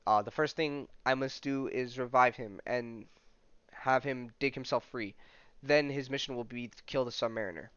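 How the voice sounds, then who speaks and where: A man's voice: medium pitch, moderate pace, a bit bright, clean tone, dry recording, natural voice. A man voicing a scheming male villain puppeteer as he reads a comic aloud, in a dull, dry recording. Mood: gloating.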